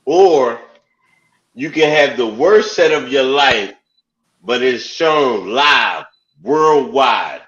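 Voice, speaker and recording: A man's voice: mid-range voice, expressive, very slow, a bit bright. A man hosting a comedy talk show, chatting loosely, laughing, and acting out lines in a raised voice. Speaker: host. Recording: dull, roomy sound.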